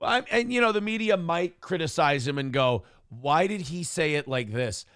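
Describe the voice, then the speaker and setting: A man hosting a morning talk show in casual chat, rambling and animated, swearing freely with lots of fillers. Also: on the high side, normal speed, smooth, no room sound, clean studio sound.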